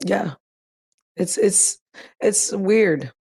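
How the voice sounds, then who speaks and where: A hoarse woman who is losing her voice, chatting bluntly and teasingly in an online audio room. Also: mid-range voice, drawn-out words, mellow. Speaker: community member on a live audio room. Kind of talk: casual chat.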